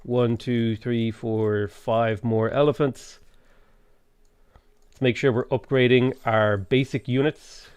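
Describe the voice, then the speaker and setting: A man streaming a strategy game live, thinking aloud in a relaxed way with frequent ums. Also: mid-range voice, takes it slowly, smooth, dry recording. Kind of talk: live gameplay commentary.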